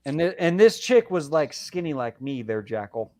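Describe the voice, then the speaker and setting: A man's voice: fairly high pitch, sing-song, normal speed, a little mellow. A man calling in to a live show, telling a heated personal story with constant swearing. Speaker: caller. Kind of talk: casual call-in storytelling.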